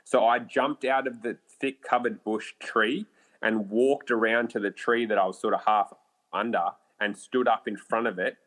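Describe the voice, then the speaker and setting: A man with an Australian accent, a podcast guest telling a bowhunting story in a lively, casual way, swearing freely and using lots of fillers. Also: lowish voice, moderate pace.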